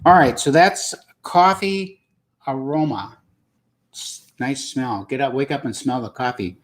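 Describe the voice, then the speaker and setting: A man's voice: medium pitch, unhurried. An older man hosting his own show, chatting in an upbeat, casual coaching way. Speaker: host. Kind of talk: casual motivational talk.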